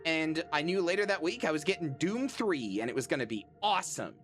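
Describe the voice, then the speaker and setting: A woman's voice: low voice, animated, a little fast, faint music behind. A woman in her thirties, a streamer in casual chat with her audience, rambling, swearing freely and making dry, self-deprecating jokes. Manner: self-deprecating and dryly joking.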